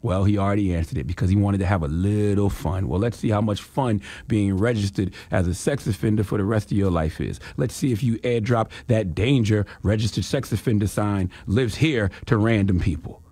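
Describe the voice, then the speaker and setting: A man's voice: fairly low pitch, fairly quick, few pauses, dark tone, no echo. A man hosting a morning radio show, lecturing listeners and teasing his co-host in a mocking, preachy way. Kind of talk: morning radio banter and commentary.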